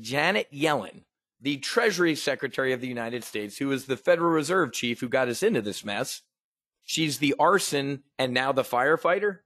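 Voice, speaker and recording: Ranting with blunt sarcasm, casual swearing, and plenty of restarts, a man hosts a trading market briefing as profane livestream commentary. His voice is mid-range and a bit bright, recorded in clean studio sound without echo.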